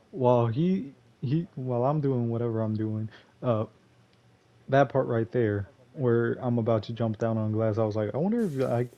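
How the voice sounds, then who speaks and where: A man's voice: medium pitch, muffled recording. A young man from Texas commentating on his own gameplay in a rambling, loose way, full of fillers and curses. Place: home gaming room.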